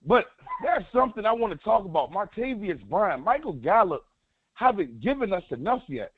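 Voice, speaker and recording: An eager male fan calls in over a tinny phone line, pressing his case with insistent questions. His voice sits very high for a man. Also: very animated, normal speed, husky, no echo. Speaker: caller. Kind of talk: fan call-in.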